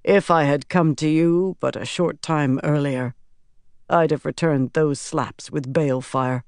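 Brief: grave calm leader, unhurried and dry, read by an audiobook narrator. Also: mid-range voice, smooth, dry recording, lightly acted. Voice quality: quiet and steady.

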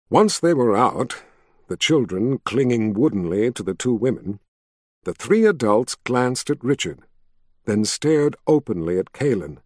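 A man narrating a fantasy novel in a steady, measured storytelling voice. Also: medium pitch, no room sound, clean studio sound. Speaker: audiobook narrator. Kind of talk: scripted narration.

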